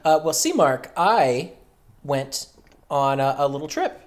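A man's voice: fairly high pitch, big pitch swings, unhurried. A man co-hosting a casual podcast. He rambles loosely, wanders off track and swears freely. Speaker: podcast co-host.

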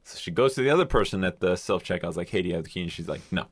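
Low-voiced young man telling a rambling story. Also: lively intonation, very fast, husky. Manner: rambling storyteller, swears casually, acts out quotes. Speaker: podcast co-host telling a story. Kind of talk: casual chat.

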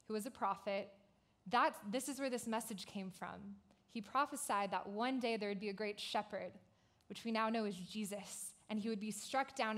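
Woman pastor, youth sermon, fairly high voice, casual and animated, filler-heavy delivery. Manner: casual, conversational, frequent "like" fillers; animated storytelling.

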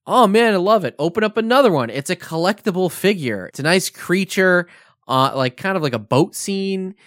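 A podcast co-host with a slightly high voice shares a childhood story during relaxed conversation, bringing quoted lines to life with animated delivery. The sound is clean studio audio with no room sound.

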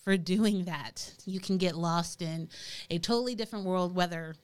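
A middle-aged woman chats easily on a podcast, often stopping with ums and restarting her sentences. Her voice sits fairly low and sounds smooth and clear. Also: normal speed. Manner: chatty, hesitant with many ums and restarts. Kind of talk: casual chat.

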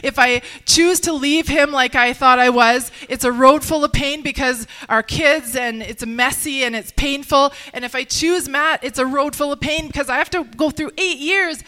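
A woman sharing a personal faith testimony in conversation, earnest and halting, with many restarts. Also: high voice, bright, forceful tone.

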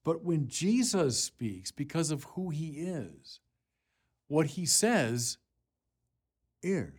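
A man preaching a sermon, unhurried with small restarts, rising to forceful emphasis on key lines. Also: on the high side, sing-song, breathy edge.

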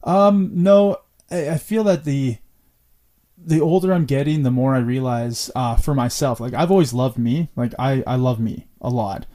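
A man's voice: medium pitch, normal speed, warm tone. A middle-aged man hosting a podcast, telling candid stories and swearing freely in casual chat. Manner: candid, profane storytelling. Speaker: podcast host.

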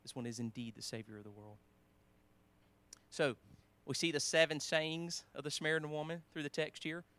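A man preaching a sermon in a conversational way, with restarts, quoting scripture, swinging between emphatic lines and quiet asides. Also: on the high side, steady tone, moderate pace, no room sound.

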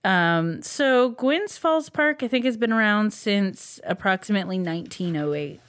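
A woman's voice: mid-range voice, lively intonation, normal speed, clear, resonant tone. Chatty woman reciting facts with ums. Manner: reads out facts with many ums and uhs, laughs easily. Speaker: podcast co-host presenting a researched topic. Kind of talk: casual chat.

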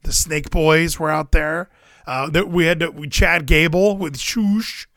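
A man co-hosting a casual chat, talking in excitable rants. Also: on the high side, no room sound, studio quality. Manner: excitable, quick rants with laughs. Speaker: podcast co-host.

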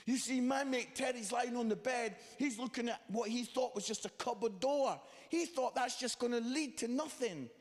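High-voiced preacher in a reverberant hall. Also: male voice, moderate pace, hardly any pauses. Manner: lively, animated storytelling with quoted voices. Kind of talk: sermon with storytelling.

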